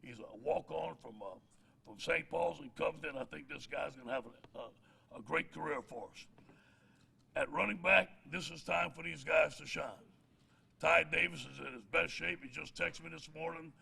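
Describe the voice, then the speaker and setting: A man's voice: fairly high pitch, moderate pace, gravelly, bright, forceful tone, breathy edge. A middle-aged man, a head football coach giving a press conference speech with folksy stories and jokes. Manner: folksy storyteller, laughs at his own jokes.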